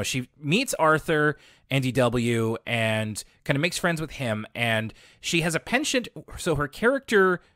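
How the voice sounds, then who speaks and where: A man from Canada co-hosting a casual podcast, chatty and quick to laugh. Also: no room sound, studio quality. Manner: chatty, laughs easily, lively pitch. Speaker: podcast co-host.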